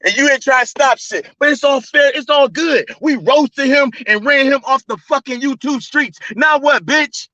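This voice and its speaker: A man's voice: extremely high pitch, pushed and bright, dry recording. A man hosting a livestream, ranting in a profane, mocking way with heated energy. His voice comes through dull, lo-fi stream audio. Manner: profane, fast-talking, mocking. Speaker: streamer host.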